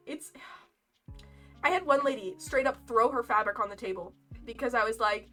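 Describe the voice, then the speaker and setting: A young woman with a high, bright voice chatting casually as a streamer. She rambles through a story with lively, swooping pitch and laughs often. Soft lo-fi music plays behind her. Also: a little slow, pauses often.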